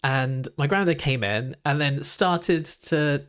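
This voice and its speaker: A man's voice: on the high side, slow pace, a bit bright, clear, resonant tone. A young man, chatting casually while reacting to videos, rambling with lots of "like" and restarts.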